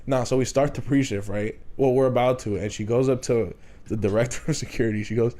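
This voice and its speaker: A man's voice: medium pitch, fairly even intonation, fast talker, warm tone, a little hiss or hum. A man co-hosting a podcast, telling a rambling, profane workplace story with frequent laughs. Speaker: podcast co-host. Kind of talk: casual storytelling chat.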